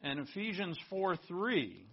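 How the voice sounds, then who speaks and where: Male pastor, gravelly mid-pitched voice, animated conversational sermon, dull lo-fi recording. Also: takes it slowly. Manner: animated, conversational preaching with asides and laughs.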